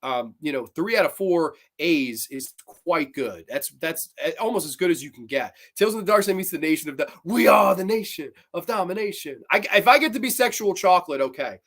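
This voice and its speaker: Male host, fairly high voice, casual and profane, blunt opinions, lively delivery. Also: fairly quick, hardly any pauses. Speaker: horror review host. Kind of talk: casual spoken review.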